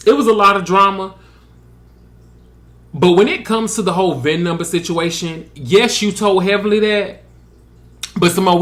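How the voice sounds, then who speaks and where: A chatty man with a slightly high voice recaps a reality episode. He is sassy and talks right at the cast members as if they can hear him. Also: a bit bright. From US Gulf Coast, near Pensacola. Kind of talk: casual commentary recap.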